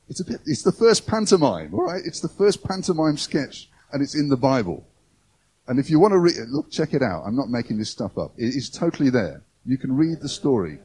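A man's voice: mid-range voice, big pitch swings, moderate pace, darkish tone, breathy edge. A man preaching a sermon in a conversational way, often asking the congregation questions. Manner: conversational, asks the audience questions. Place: church.

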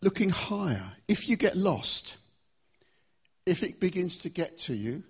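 Husky man preaching a sermon. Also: high-pitched, very animated. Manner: emphatic, varied pace with slow stressed phrases.

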